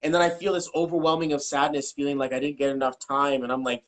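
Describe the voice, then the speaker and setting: A man speaking as a numerology coach in a casual live-stream interview, talking in an animated way, cursing and acting out what people said. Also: fairly high pitch, fast, low-quality recording. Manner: animated, swears, acts out quotes. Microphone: video call.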